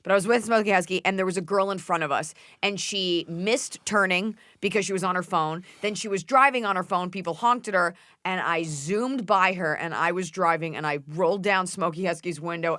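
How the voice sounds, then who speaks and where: A woman's voice: lowish voice, a bit bright, no echo, studio quality. A woman in her thirties hosting a podcast, chatting casually and telling stories animatedly, swearing freely. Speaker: podcast host. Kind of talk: casual chat.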